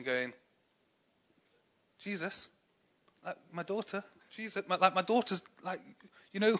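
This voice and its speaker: A man's voice: mid-range voice, pushed and bright. A young English man preaching a sermon in a chatty, self-deprecating way, telling personal stories with many fillers. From England.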